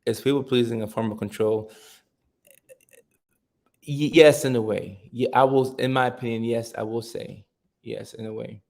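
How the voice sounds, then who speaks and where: A man hosting a casual livestream, chatting with viewers, reading their comments aloud and repeating himself in a relaxed way. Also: medium pitch, moderate pace, creaky, long pauses. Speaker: livestream host.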